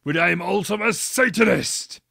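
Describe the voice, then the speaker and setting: A man's voice: high-pitched, normal speed, vocal fry, sharp tone, no room sound, clean studio sound, pitched above the performer's own voice, heavily acted. A man reading aloud voices a defiant young male wizard, declaiming dramatically.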